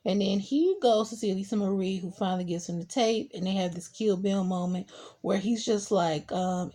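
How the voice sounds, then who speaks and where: A young woman recapping a TV episode in a casual, animated way, acting out the characters' lines as she goes. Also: mid-range voice, normal speed. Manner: animated retelling with acted quotes. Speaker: TV show reviewer.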